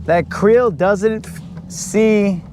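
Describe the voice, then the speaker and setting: Guy on a bass boat livestream, slow easy talk, kinda higher voice, teasing jokes. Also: darkish tone, slight background noise. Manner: teasing, joking banter. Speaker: fishing vlogger. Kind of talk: casual live-stream chat. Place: boat on a lake.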